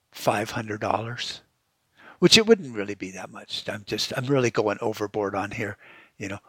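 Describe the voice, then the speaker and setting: A man's voice: medium pitch, a bit bright, no room sound. A man hosting a podcast, ranting heatedly and sarcastically with constant swearing. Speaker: podcast host. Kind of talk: profane rant.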